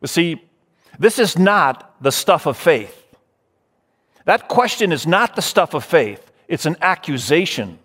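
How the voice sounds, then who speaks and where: A man's voice: on the high side, very animated, slow, a bit bright, breathy edge. A man preaching a sermon as pastor, emphatic, running through lists and speaking straight to his listeners. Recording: long hall reverb.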